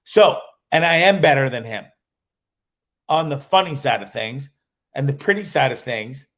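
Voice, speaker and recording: A man's voice: medium pitch, animated, normal speed, fairly bright tone. A man hosting a livestream who rambles and swears as he tells a story, restarting his sentences often. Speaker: livestream host. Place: indoors in a cottage while traveling.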